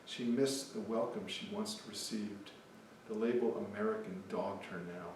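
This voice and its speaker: Male poet, live reading, offhand chatter, distant mic in a boomy room. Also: fairly even intonation, moderate pace, darkish tone, slight background noise. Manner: chatty, offhand asides between poems. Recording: echoey hall, mic from afar.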